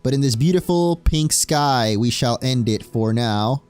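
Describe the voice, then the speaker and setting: Young guy streaming a game, lively up-and-down voice, jokey and excitable, faint music behind. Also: mid-range voice, measured pace. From Spain. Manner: excitable, jokey, cheering at the screen. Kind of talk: casual let's play commentary.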